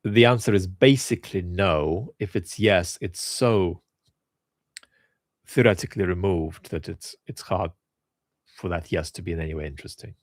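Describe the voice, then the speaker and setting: A middle-aged man hosting a question-and-answer talk, answering in a measured, emphatic way and often restarting his sentences. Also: low voice, no room sound. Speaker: host answering viewer questions. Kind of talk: solo Q&A talk.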